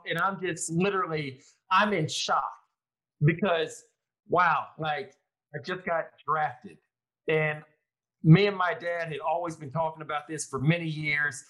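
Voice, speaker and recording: Bright-voiced man telling a lively story. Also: fairly high pitch, low-quality recording. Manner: animated, lively retelling with quoted inner thoughts. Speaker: guest, former pro football player. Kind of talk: casual storytelling interview.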